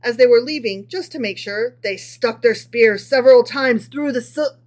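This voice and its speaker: A woman co-hosting a casual book club podcast, reading folk tales aloud with animated delivery and chatty asides. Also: fairly high pitch, normal speed.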